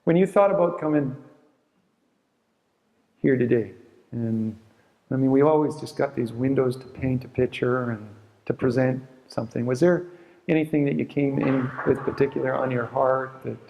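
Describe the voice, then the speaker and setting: A man's voice: medium pitch, normal speed, vocal fry, mellow. A man hosting a casual church interview, prompting his guest with questions and often restarting his words. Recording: echoey hall reverb.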